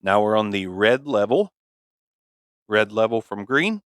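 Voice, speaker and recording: A man demonstrating audio gear at a slow, easy pace, thinking aloud and often unsure of what a button does. His voice sits on the low side, close on a studio mic in a home studio with a dry sound. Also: animated, a bit bright, smooth, no room sound. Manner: thinking aloud, hesitant, uncertain. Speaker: gear reviewer. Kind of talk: casual product demonstration. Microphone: XLR microphone on boom arm.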